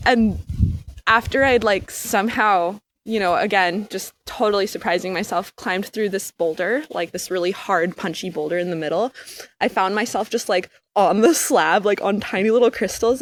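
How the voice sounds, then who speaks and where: Podcast guest, a woman with mid-range pitch, chatty and animated storyteller. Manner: animated, filler-heavy "like" speech. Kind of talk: casual storytelling chat.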